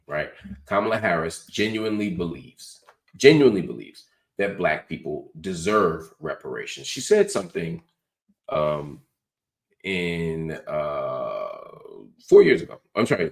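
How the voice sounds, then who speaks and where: A man with a very low, deep voice hosts a casual talk-show monologue. He sounds middle-aged and relaxed, and he reads viewer comments aloud in an easy, conversational way. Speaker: show host.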